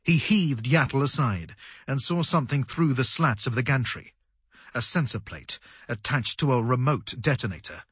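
A man narrating an audiobook in a dramatic, animated storytelling manner. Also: medium pitch, normal speed, husky, dry recording. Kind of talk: scripted narration.

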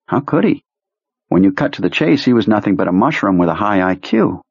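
A man reading a novel aloud in steady, measured audiobook narration. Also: lowish voice, husky, dry recording. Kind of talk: scripted narration. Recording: dull lo-fi dry sound.

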